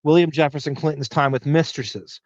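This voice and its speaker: A man's voice: a little high, fairly even intonation, normal speed, a little mellow, no echo, muffled recording. A man with a Long Island accent hosting a podcast, reading listener comments and thinking aloud in a rambling, profane way. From Long Island, New York. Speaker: podcast host. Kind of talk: casual live chat reading listener comments.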